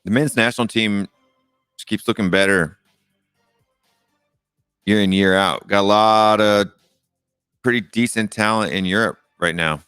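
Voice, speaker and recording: A man's voice: on the low side, unhurried, pauses often, a bit bright, smooth, dry recording, clean studio sound, soft background music. A middle-aged man hosting a live call-in show, chatting casually and rambling with many fillers and restarts. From United States. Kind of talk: casual live-stream chat.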